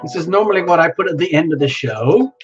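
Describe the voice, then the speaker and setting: A man's voice: a little high, lively intonation, fast, lo-fi sound. A worn-out man hosting a tarot livestream, rambling casually and greeting viewers by name.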